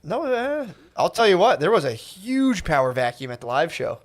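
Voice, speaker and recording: A man co-hosting a podcast, throwing in wisecracks and quick asides during casual banter. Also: high voice, very animated. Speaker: podcast co-host.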